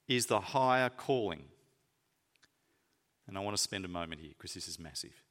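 A man preaching a sermon, stressing words loudly and then dropping to soft, low phrases. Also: lively intonation, normal speed. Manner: emphatic, swinging between loud stresses and soft low phrases.

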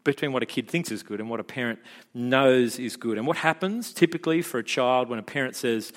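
A man's voice: mid-range voice, a bit bright. A middle-aged man with an Australian accent preaching a sermon in a chatty, joking way, often stumbling and repeating words. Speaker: pastor. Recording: long hall reverb.

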